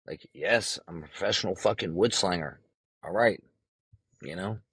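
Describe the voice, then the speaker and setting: A man's voice: deep voice, moderate pace, a bit bright, breathy edge, dry recording, low-quality recording. Young guy ranting solo on his podcast, cussing a lot, brash and rambling, dry close sound. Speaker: podcast host. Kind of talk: casual solo podcast monologue.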